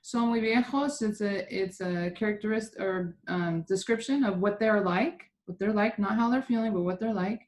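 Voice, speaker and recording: A woman's voice: medium pitch, moderate pace, few pauses, a little mellow, slight background noise. A woman teaching a class over a video call, patiently explaining grammar and correcting her students' pronunciation. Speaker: Spanish teacher. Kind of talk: online class instruction.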